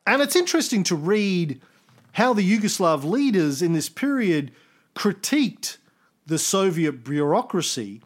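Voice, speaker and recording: A man hosting a casual history podcast, explaining events thoughtfully with pauses and restarts. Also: high-pitched, sing-song. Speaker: podcast host.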